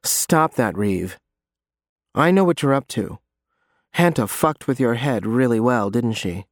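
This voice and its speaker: Male narrator doing a menacing man, low and urgent, dry read. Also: expressive, unhurried, dry recording, lightly acted. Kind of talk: audiobook character voice.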